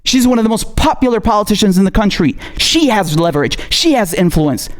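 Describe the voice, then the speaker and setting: A man's voice: high voice, very animated, brisk. Furious swearing male political ranter. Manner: profane, furious ranting with sarcastic mock quotes. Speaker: political commentator. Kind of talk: angry political rant.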